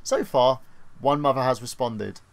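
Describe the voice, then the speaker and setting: A man's voice: mid-range voice, unhurried, creaky. A man co-hosting a gaming podcast, reading a news story aloud with rambling asides in casual chat. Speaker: podcast co-host.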